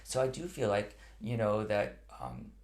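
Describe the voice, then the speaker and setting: A man's voice: lowish voice, wildly swooping pitch, a little slow, a little mellow. A man who teaches cello, answering viewer questions in a live online chat in an earnest, thoughtful way, with many ums and restarts. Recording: roomy echo.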